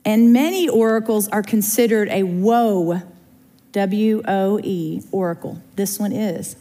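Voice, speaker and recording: A woman's voice: medium pitch, slow pace, dark tone. A woman teaching a Bible study in a chatty, conversational way, often checking in with her listeners. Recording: long reverb of a large room.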